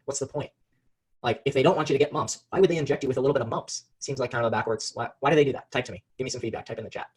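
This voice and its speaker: A man's voice: mid-range voice, breathy edge, poor audio. A man teaching a live online marketing webinar. He talks energetically to the chat, reads out viewers' names and often repeats and restarts his phrases. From Phoenix area, USA.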